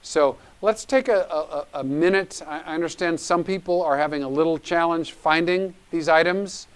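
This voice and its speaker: A man's voice: on the high side, normal speed, clear, resonant tone. A man hosting a live charity auction, upbeat and urging people to bid. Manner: upbeat, pushes for bids. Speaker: gala auction host.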